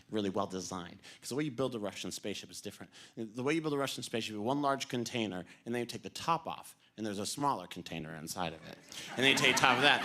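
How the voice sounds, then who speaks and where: A man's voice: medium pitch, background noise. A young man doing a stand-up comedy routine on a club stage, telling stories and acting out characters. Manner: animated storytelling, acting out characters. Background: audience laughter.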